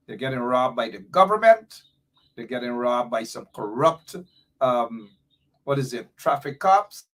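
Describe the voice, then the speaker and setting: Guy ranting on his talk show, middle-aged, rambly and fired up, reads off listener comments. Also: mid-range voice.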